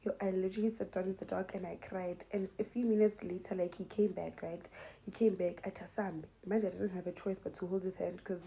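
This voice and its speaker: A young woman with a South African accent telling a casual storytime, animated, and switching between English and local languages as she talks. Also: medium pitch, fast talker, vocal fry, rough recording. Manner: animated, mixing English with Zulu and Sotho phrases.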